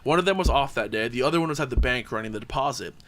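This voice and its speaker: A man's voice: medium pitch, animated, very fast, fairly bright tone. A man hosting a podcast, chatting casually and telling a profane, rambling story. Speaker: podcast host. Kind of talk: casual chat.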